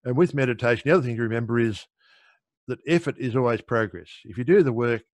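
A man's voice: mid-range voice, fast, darkish tone, dry recording. A middle-aged man explaining meditation in an easygoing, conversational way, often restarting his sentences. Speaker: meditation teacher.

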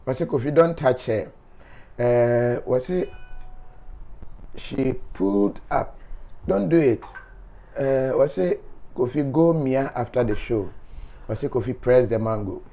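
A man's voice: medium pitch, expressive, a little slow, pauses often, warm tone. A man, a show host reading viewer comments aloud in a playful, teasing way with frequent laughter.

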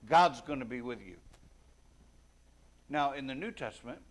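A man's voice: medium pitch, moderate pace. A man preaching a sermon at a prayer meeting, talking earnestly and conversationally, with bursts of emphasis and scripture read aloud. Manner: reads scripture aloud in King James wording.

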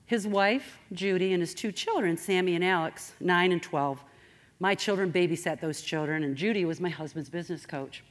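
A woman giving a motivational talk, animated and straight-talking. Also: on the low side, moderate pace. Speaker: speaker.

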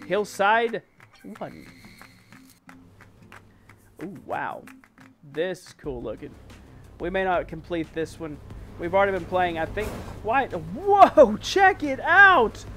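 Male gaming host, higher register, exclaiming through play over faint game music. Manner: excitable, exclaiming, mild self-censored oaths. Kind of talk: let's play commentary.

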